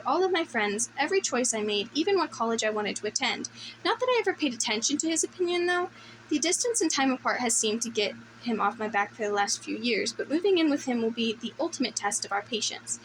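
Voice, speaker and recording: A woman's voice: on the high side, noisy background. Wry woman narrating an audiobook. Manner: wry, conversational. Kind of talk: first-person novel narration.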